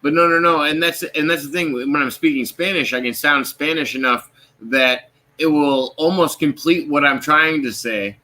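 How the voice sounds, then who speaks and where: A man's voice: on the high side, normal speed, sharp tone. A man co-hosting a casual live-stream chat in an easygoing, curious way. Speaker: co-host.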